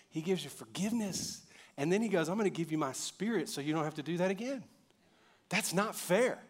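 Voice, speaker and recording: A man preaching a sermon as pastor, animated and conversational, swinging from loud bursts to quiet emphasis and joking with the congregation. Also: medium pitch.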